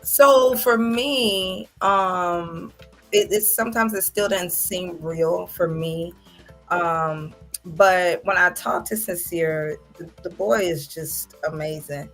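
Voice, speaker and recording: A woman talking in a casual, heartfelt chat as a proud mother, animated and quick to laugh. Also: fairly low pitch, faint music behind. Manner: emotional, animated, laughs often. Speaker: guest, mother of a young athlete.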